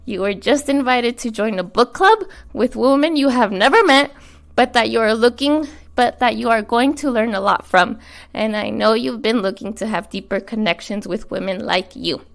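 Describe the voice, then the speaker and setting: A woman's voice: fairly high pitch, moderate pace, vocal fry. A young adult American woman getting over a cold, reading a personal letter aloud and chatting frankly as podcast co-host. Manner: earnest, frank, swears casually.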